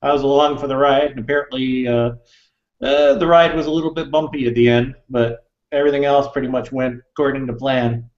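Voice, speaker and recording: A man's voice: mid-range voice, fairly even intonation, a little fast, darkish tone, roomy sound, dull audio. A man speaking as his character in a tabletop role-playing game, modest and easygoing. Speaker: player.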